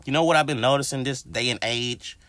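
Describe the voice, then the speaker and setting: At a medium pitch and a slightly fast pace, with no room sound, a podcast host rants casually to his audience. He swears, gets animated, and speaks to listeners directly.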